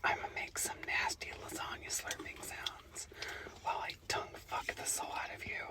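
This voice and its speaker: A woman reading a man's dirty text message aloud as a whispered role-play in a slow, breathy ASMR voice. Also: distant mic, natural voice. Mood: seductive. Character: man sending a filthy text, whispered.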